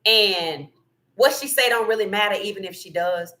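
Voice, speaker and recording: A woman hosting a casual sports talk livestream, reading chat comments and giving animated, opinionated takes with frequent laughter. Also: lowish voice, normal speed.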